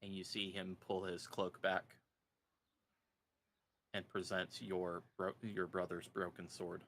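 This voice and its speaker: A man narrating as game master in a tabletop game, with slow, descriptive delivery. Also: low-pitched, flat delivery, fairly bright tone, a little hiss or hum.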